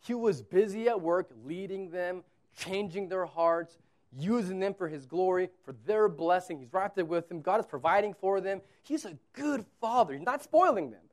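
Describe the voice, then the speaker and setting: Pastor, man, 30s, high-pitched voice; casual sermon, quiet asides and loud repeated emphasis. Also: animated, moderate pace. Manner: conversational preaching, swings from quiet to loud emphatic repetition.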